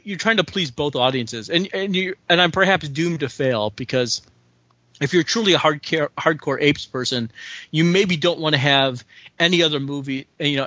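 A man's voice: medium pitch, fairly bright tone, dry recording. A man in his forties, a writer being interviewed, talking casually and enthusiastically with frequent restarts. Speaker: comic book writer guest. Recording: dry, slightly dull sound.

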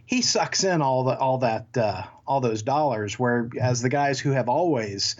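A man with a husky, slightly breathy voice talks in a loose, rambling way, cracking jokes as he co-hosts a casual podcast. His sound comes through a remote call and is a little dull and muffled. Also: mid-range voice, unhurried. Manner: chatty, rambling, jokey. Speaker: podcast co-host. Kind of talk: casual chat. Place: home in Texas.

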